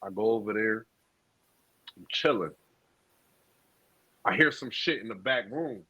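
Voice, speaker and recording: A man co-hosting a podcast, telling a profane story in a casual, animated street style. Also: fairly low pitch, measured pace, breathy edge, no room sound. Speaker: podcast co-host. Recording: dull lo-fi sound.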